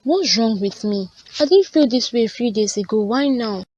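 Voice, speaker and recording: Ailing cartoon wife: high, weak, lightheaded. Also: female voice, animated, moderate pace, a little mellow, breathy edge, dull audio. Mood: unwell. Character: weak, sick young wife in hospital.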